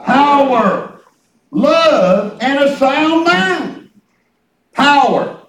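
A man's voice: very high-pitched, animated, very slow, fairly bright tone. A man preaching a sermon, telling folksy stories and calling on the congregation to respond. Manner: folksy storytelling with call and response. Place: church hall. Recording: echoey room, distant mic.

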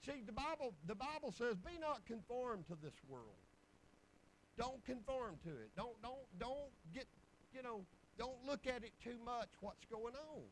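High-voiced preacher man. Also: animated, unhurried, a little hiss or hum, rough recording. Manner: folksy storytelling with bursts of exclamation. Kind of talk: sermon testimony.

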